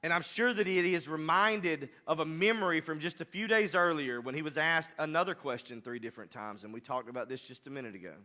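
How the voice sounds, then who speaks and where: A man's voice: fairly high pitch, fast, hardly any pauses, pushed and bright. A man preaching a sermon, rising to impassioned, emphatic delivery. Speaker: pastor.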